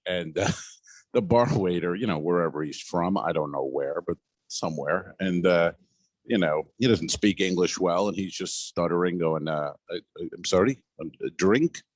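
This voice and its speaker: Low-voiced man telling stories, dry sound. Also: normal speed, no room sound. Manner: rambling storyteller, loose and profane. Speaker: podcast co-host. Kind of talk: casual comedic chat. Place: outdoors on a cruise ship pool deck.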